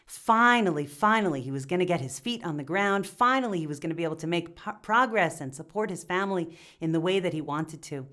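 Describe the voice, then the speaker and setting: A woman's voice: on the low side, lively intonation, brisk, a bit bright, voice pushed down. A woman telling it as a guilt-ridden young villager. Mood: remorseful. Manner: confessional, stammering with restarts.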